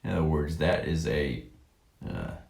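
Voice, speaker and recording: Deep-voiced man, unhurried and halting, drawn-out words and fillers, reading and riffing in a reverberant room. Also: animated, creaky, darkish tone. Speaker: online commentator. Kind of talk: rambling monologue reading and commenting on a text.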